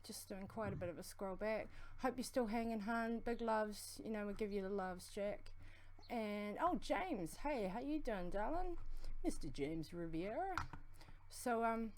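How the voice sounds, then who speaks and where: A woman with a strong New Zealand accent co-hosting a livestream, talking fast in a rambling, friendly way. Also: medium pitch, lively intonation. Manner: fast, rambling, affectionate shout-outs. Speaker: co-host of a vaping livestream. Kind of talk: casual livestream chat.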